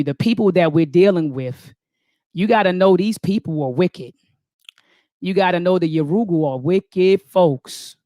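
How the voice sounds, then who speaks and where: Reading viewer comments during a live online talk, this woman speaks on the low side with a slightly mellow voice. She preaches with fervent conviction, calls listeners "family", and thinks aloud with restarts and repeated phrases; the studio sound is clean, with no room sound.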